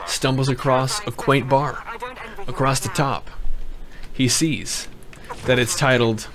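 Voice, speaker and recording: A man telling a long joke in a slow, drawn-out storytelling way, with music behind. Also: mid-range voice, fairly even intonation, a crowd in the background.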